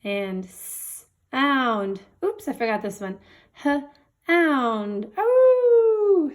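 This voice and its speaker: A woman's voice: a little high, expressive, very slow, fairly bright tone. A woman teacher giving a remote reading lesson to young children, patiently sounding out letters and praising her students.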